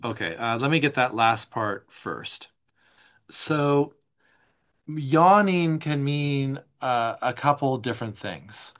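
A man answering listener questions as a somatic coach in a casual teaching talk, speaking gently and slowly, with many "like" fillers. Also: medium pitch, expressive. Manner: gentle, unhurried, many "like" fillers, slows down for soft guidance.

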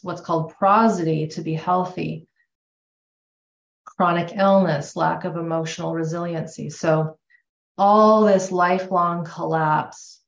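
Speaking with a lowish voice and vocal fry, a woman runs a class on somatic therapy conversationally, revising her words as she goes and dramatizing the remarks she quotes. The audio is dull and lo-fi, in an echoey room.

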